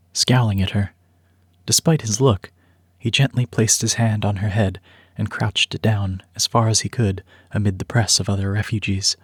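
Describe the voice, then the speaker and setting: A male narrator reads a story script at a measured, even pace. His voice is low and slightly husky. The recording is close and dry, with no room sound. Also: dry recording.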